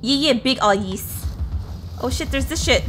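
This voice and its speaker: A woman's voice: sits high, animated, moderate pace, a bit bright, soft background music. A woman streaming a video game, chatting to herself and her viewers and swearing often as she plays. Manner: chatty, swears a lot, talks to herself and chat. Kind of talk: casual gameplay commentary.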